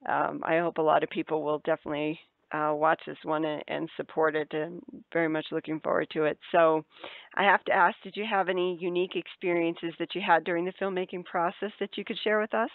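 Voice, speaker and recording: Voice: mid-range voice, level tone, a little fast, gravelly, no echo. An interviewer chatting casually, with filler words, and asking the guest questions. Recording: tinny dry phone line.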